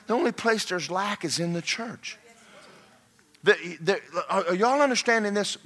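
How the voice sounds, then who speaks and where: A man's voice: high voice, expressive, normal speed, sharp tone. A man preaching a sermon as pastor, folksy and repetitive, speaking in bursts.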